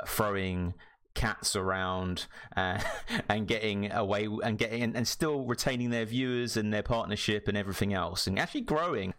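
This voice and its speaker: A man's voice: lowish voice, a bit bright. Upbeat British man hosting a podcast. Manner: upbeat, repeats greetings, chatty with fillers. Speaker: podcast host. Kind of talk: casual live-stream podcast chat.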